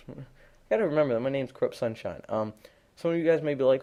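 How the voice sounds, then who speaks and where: A man's voice: medium pitch, animated, a little fast, dark tone. A teenage boy doing unscripted gameplay commentary, rambling and blunt, with many fillers and restarts. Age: teens. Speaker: gaming commentator.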